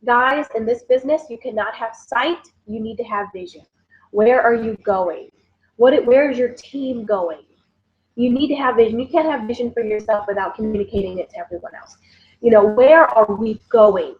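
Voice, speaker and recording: A fairly high-voiced woman, rallying her team with quick, repetitive pep talk. The sound is dull and lo-fi, like a home livestream. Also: a little hiss or hum. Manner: energetic, repetitive, keeps addressing listeners as "guys". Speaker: network marketing team leader. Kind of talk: motivational livestream recap.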